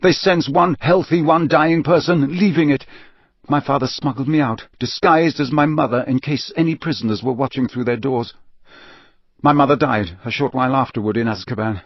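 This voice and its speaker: Man reading as a flat, vacant young dark wizard. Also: mid-range voice, normal speed, no echo, dull audio, close to an everyday voice. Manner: flat, monotonous, emotionless. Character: young male dark wizard confessing under truth potion, vacant.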